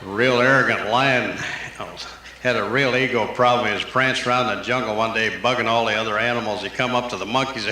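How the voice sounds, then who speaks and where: Male stand-up comic, quick one-liners, crisp bright tone, roomy live club tape. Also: mid-range voice, slight background noise. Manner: rapid-fire one-liners, jumping into character voices. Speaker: stand-up comedian. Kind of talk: live stand-up joke telling. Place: live comedy venue.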